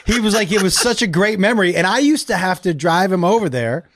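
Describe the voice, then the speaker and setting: A man co-hosting a podcast, telling stories in casual, animated chat with swearing and bursts of laughter. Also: sits high, fast talker. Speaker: podcast co-host.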